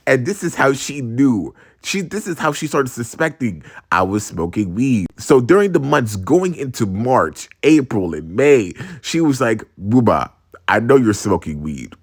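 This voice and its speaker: A young man in his twenties telling a funny personal story in a casual, slangy and animated way. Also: medium pitch, a little slow, hardly any pauses. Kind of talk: storytime vlog.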